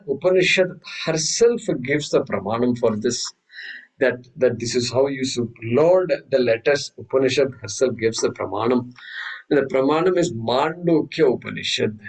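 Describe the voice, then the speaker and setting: A man teaching a scripture class, telling stories with many restarts and reciting Sanskrit verses slowly. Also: mid-range voice, a little mellow, low-quality recording. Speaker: Vedanta teacher. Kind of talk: spiritual class lecture.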